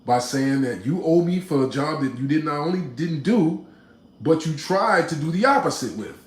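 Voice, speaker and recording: A man chats casually with his live audience, sharing a personal story in an animated, slangy way and often asking "right?". His voice sits fairly high, his pace is normal, and the sound is roomy.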